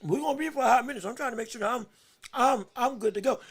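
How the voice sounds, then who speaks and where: A man calling a fight blow by blow on his own livestream, excited and repetitive, restarting his phrases, with the hiccups and eating as he talks. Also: extremely high pitch, very fast, slightly rough, no echo. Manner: repeats himself, restarts phrases, eats and talks at once. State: has the hiccups. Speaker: podcast host giving live fight commentary.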